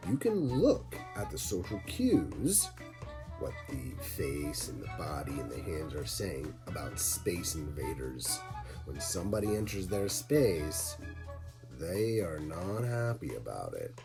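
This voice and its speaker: A man narrating a lesson for children, talking slowly and deliberately and addressing the kids directly. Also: low-pitched, wildly swooping pitch, over music. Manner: slow, deliberate, talks straight to kids. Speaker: teacher.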